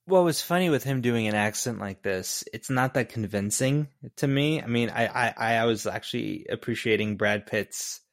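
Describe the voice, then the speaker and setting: Excitable man in casual movie chat. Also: medium pitch, normal speed, few pauses, dry recording, studio quality. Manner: animated, excitable, laughs often, frequent filler words. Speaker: podcast co-host.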